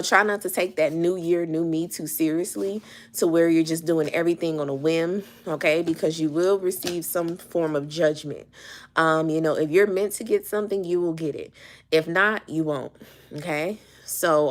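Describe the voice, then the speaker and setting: A young woman with a low voice talks through a tarot reading in a loose, chatty way. She fills gaps with ums and checks in with "okay?" as she goes, and sounds a little out of breath. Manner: chatty, many ums and okays. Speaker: tarot reader. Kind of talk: casual tarot reading to camera.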